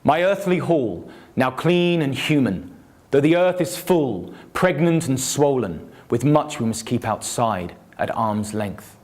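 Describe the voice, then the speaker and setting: A man's voice: medium pitch, animated, takes it slowly, darkish tone. A man reading the verse lines of an unhappy, self-doubting Danish king in a declaiming manner, lines trailing off at the end. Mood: solemn.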